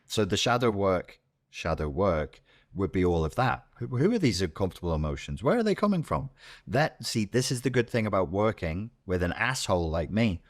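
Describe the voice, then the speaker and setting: Deep-voiced blunt Scouse man. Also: no echo, studio quality. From Liverpool, England. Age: middle-aged. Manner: blunt, profane, acts out inner voices. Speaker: guest coach. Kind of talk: podcast interview.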